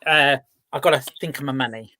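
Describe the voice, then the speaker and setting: Brief: male host, 40s, bright tense voice, giggly and chatty, reflective at times. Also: medium pitch, brisk. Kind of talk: casual chat on a live feed.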